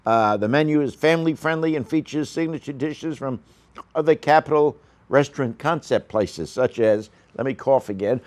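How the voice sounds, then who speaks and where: A man's voice: mid-range voice, normal speed, a little mellow. A man giving a casual, rambling restaurant review on a local news show, full of fillers and asides. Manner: rambling, with frequent fillers and coughs.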